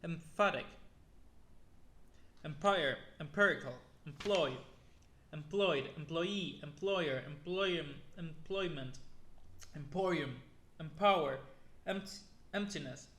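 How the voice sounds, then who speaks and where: A man's voice: fairly high pitch, a bit bright. Man reading a word list in an echoey room. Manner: plodding word-by-word reading with restarts and weary asides. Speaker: YouTuber.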